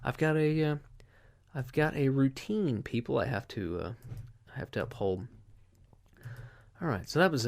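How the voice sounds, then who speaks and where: A man's voice: mid-range voice, lively intonation, normal speed, creaky, pauses often. A man hosting a podcast, chatting casually and rambling through sports scores and a profane anecdote. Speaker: podcast host.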